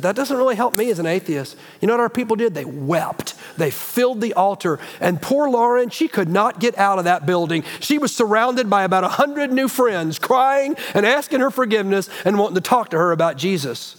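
A middle-aged man preaching a sermon as a guest speaker, folksy and animated, often restarting his sentences. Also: high voice, big-room sound. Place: church sanctuary.

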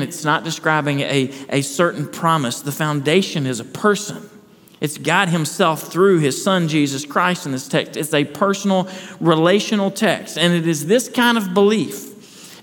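Preaching to his church with long hall reverb around him, this pastor has a fairly high, slightly bright voice. His sermon is earnest, with rhetorical questions and restarted phrases.

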